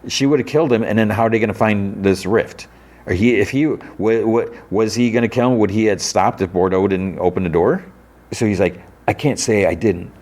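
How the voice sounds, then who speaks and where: A man's voice: on the low side, brisk, a little mellow. A man hosting a podcast, casually recapping a TV episode scene by scene, filling his retelling with "like" and quoted dialogue. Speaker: podcast host.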